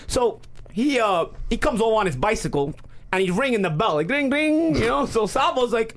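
A man's voice: very high voice, very animated, moderate pace. A man co-hosting a podcast, telling a rambling story in casual chat with many fillers. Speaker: podcast co-host.

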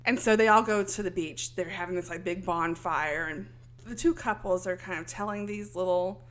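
A woman's voice: on the low side, normal speed, fairly bright tone. A woman co-hosting a casual chat, animatedly retelling a story and acting out the characters' lines. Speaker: podcast co-host recapping a film.

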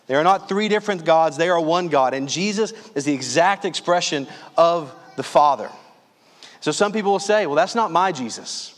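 A male pastor from Louisiana delivers an earnest sermon in a fairly high voice. He leans on key phrases, slowing down to stress them. His words ring out with a long reverb, as in a church hall. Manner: earnest, calls listeners "friends", slows on key phrases.

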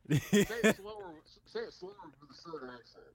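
Fast excitable man egging others on. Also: a little high, crowd noise. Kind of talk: crude casual banter.

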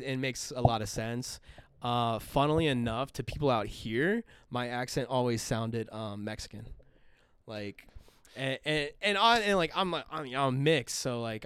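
A young man from California with a relaxed Californian accent, chatting casually as a podcast host, rambling with lots of fillers. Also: mid-range voice, clear, resonant tone, dry recording, clean studio sound. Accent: Californian, laid-back surfer type. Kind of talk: casual chat.

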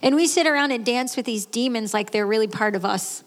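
A woman in her late thirties giving a candid, earnest personal testimony, with restarts and quick laughs. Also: on the high side. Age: 30s. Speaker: guest speaker. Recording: echoey hall.

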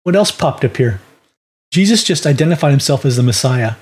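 A man's voice: medium pitch, expressive, a little fast, darkish tone, husky. A man teaching a Bible lesson on sharing faith, talking in a folksy, conversational way with restarts. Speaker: ministry teacher.

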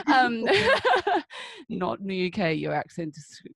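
Gravelly-voiced Australian woman host. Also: fairly high pitch, wildly swooping pitch, slow, a bit bright, no room sound, studio quality. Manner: chatty, laughs often. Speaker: podcast host. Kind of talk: casual interview chat.

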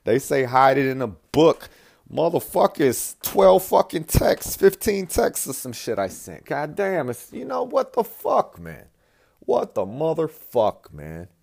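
A man's voice: a little high, creaky, a little mellow. A man hosting a podcast, giving a blunt, profane, rambling monologue. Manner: profane, blunt, repeats himself. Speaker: podcast host.

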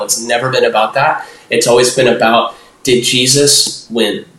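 A man's voice: medium pitch, steady tone, moderate pace, a bit bright. A young man talking casually as a podcast guest. His voice sits in the middle range, and he rambles, leaning on "like" and restarting his sentences. The recording has a noticeable roomy echo. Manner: rambling, heavy use of "like" and restarts, acts out voices. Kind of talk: casual interview talk.

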